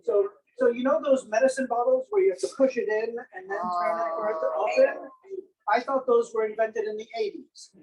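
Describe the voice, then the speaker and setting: Indoors at a senior center, a man gives an interactive demonstration of his traveling museum of inventions, joking with the audience and calling up volunteers. His extremely high voice is a little fast and slightly mellow, picked up from afar in poor audio.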